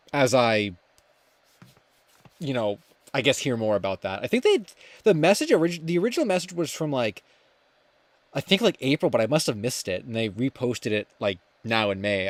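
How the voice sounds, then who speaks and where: A man's voice: mid-range voice, dry recording. A young man hosting a livestream, chatting casually and reading viewer comments aloud, rambling with many fillers and restarts. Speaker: livestream host.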